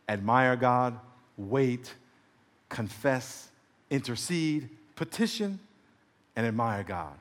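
A man's voice: medium pitch, animated, slow pace, pauses often. Man preaching in a reverberant hall. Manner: preaching with call-and-response, then softly guiding prayer. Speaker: pastor. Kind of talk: sermon.

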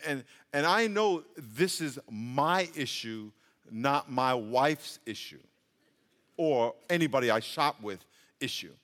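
A male pastor preaching in a large church hall with long reverb. His voice sits high and bright, and he talks in an easy, joking way that climbs to emphatic peaks. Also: slow pace. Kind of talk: sermon.

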